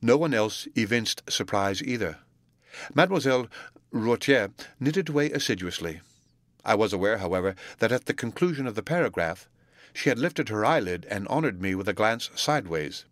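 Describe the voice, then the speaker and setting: A man reading a classic novel aloud as an audiobook narrator, in a measured, deliberate way. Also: on the low side, lively intonation, dry recording. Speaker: audiobook reader.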